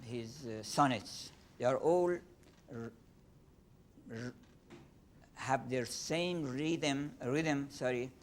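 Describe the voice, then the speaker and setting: An older man with a Persian accent giving a lecture on poetry, halting and full of fillers and restarts, speaking in a room with a faint low rumble. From Iran.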